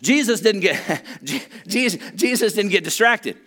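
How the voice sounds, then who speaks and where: A pastor preaches a sermon built around a story, acting out the characters' voices and tossing in humorous asides. His voice is high-pitched and his pace measured.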